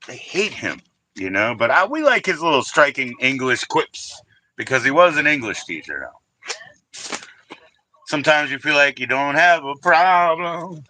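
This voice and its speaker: Male livestream host, casual and profane, bright lively delivery. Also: mid-range voice, unhurried, a little hiss or hum, low-quality recording. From Washington DC area. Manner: rambling, profane, sings snatches of songs. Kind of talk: casual livestream chat about records.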